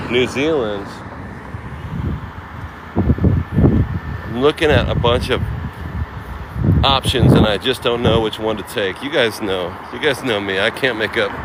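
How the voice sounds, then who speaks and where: A chatty man live-streams as he walks through the city, thinking out loud and calling out thanks to viewers. His voice sits at an everyday middle pitch. Wind and street traffic are clearly audible around him. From United States. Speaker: live-streaming travel vlogger. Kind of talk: casual live-stream chat while walking. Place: outdoors on windy city streets. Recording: outdoor street noise. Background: wind and passing traffic.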